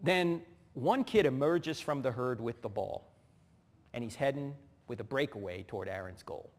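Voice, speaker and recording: A middle-aged man giving a humorous teaching talk, telling animated stories, acting out voices and laughing as he goes. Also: mid-range voice, normal speed. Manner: animated storyteller who acts out voices and laughs. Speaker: speaker. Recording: long hall reverb.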